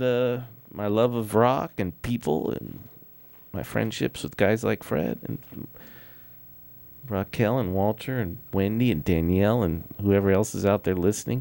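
A middle-aged man hosting a podcast, telling animated anecdotes in casual chat and often laughing. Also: medium pitch, clean tone, dry recording. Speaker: podcast host.

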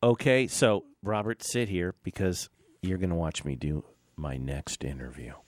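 A man's voice: deep voice, a little slow, no echo. A man hosting an interview, chatty and joking with his guests. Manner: chatty, jokey. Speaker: interview host. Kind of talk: casual interview chat.

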